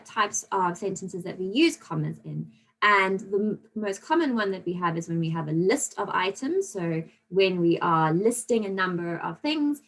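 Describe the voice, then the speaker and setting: A woman teaching a recorded grammar lesson to young pupils. Her voice sits fairly low and has a gravelly edge. She explains each point patiently and checks in with an "okay?". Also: a bit bright, poor audio. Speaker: primary school teacher.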